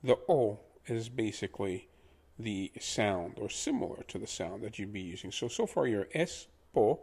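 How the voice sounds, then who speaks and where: A man teaching pronunciation in a patient lesson, repeating each word slowly for the listener to copy. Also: fairly low pitch, lively intonation, gravelly, a little mellow, slightly rough. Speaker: language teacher.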